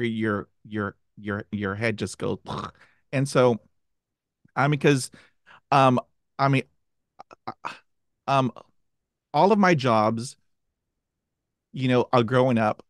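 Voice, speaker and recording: A man who stutters talks in a halting, earnest way, full of fillers and restarts. His voice sits at an ordinary pitch, and the recording is very dry and close. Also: dry recording. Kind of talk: casual chat.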